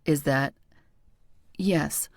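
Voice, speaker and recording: A woman narrator voicing a shy, gentle man with a soft, hesitant way of talking, in a lowered voice. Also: extremely slow, gravelly, dry recording, studio quality, exaggerated voice. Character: shy, gentle young man, kind dog owner.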